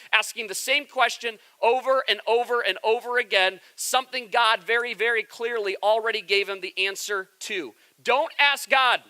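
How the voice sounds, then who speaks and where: Bright, high-voiced man preaching a sermon. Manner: conversational storytelling with humor. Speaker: pastor.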